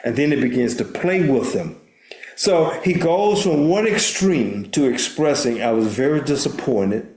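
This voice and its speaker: A man's voice: fairly high pitch, sing-song, measured pace, darkish tone. An older man from the United States, a therapist and minister, telling a story as an interview guest in an earnest way, often restarting words. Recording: roomy echo.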